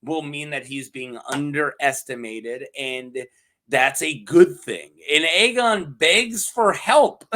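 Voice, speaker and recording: A man chatting casually on his own as a show reviewer, laughing often and slipping into quick, goofy character voices. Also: a little high, a bit bright. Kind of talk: casual solo review chat.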